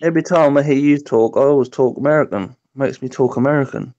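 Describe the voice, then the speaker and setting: A man from Britain with a light British accent jokes around with his friends on a call. He has a mid-pitched voice and a playful manner. The sound is muffled and lo-fi. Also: fast, a little mellow. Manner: playful, joking, laughing. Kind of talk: casual joking chat.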